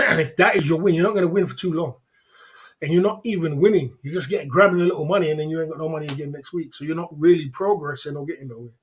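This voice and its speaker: A man's voice: on the high side, fast talker, breathy edge. A man hosting a casual livestream, talking in a preachy, repetitive way full of rhetorical questions. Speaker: livestream host.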